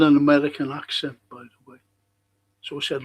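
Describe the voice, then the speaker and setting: A man's voice: a little high, steady tone, moderate pace, slightly rough, low-quality recording. A man hosting a casual live stream, chatty and rambling as he reads out viewer comments.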